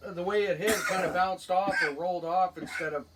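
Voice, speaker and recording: A man's voice: high-pitched, steady tone, fairly quick, far from the mic. A man with a Cape Breton accent, co-hosting a podcast. He tells rambling stories in casual chat and laughs through them. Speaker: podcast co-host. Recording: a bit off-mic, faint background hiss.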